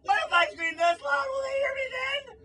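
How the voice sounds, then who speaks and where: A man's voice: very high-pitched, very animated, unhurried, bright, forceful tone, exaggerated voice. A man voicing a panicked male squad soldier, screaming shrilly for help in a comedic machinima.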